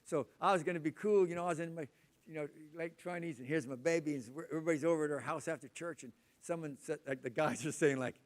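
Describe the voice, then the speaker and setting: A man in his sixties delivers a sermon with a noticeably high voice for a man. He talks loud and animated, spinning homespun stories from family life as he preaches. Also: fast talker. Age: 60s.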